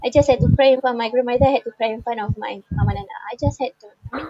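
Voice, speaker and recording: A woman tells an emotional personal story, halting and heartfelt, with many repeated fillers. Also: fairly high pitch, noisy background. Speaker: bereaved daughter sharing a personal story. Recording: slightly dull, dry recording.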